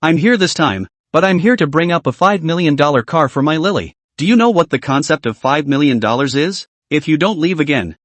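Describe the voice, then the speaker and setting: A man's voice: on the high side, animated, a little fast, hardly any pauses, fairly bright tone, no echo. A man voicing an arrogant, rich middle-aged man who blusters and threatens. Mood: blustering.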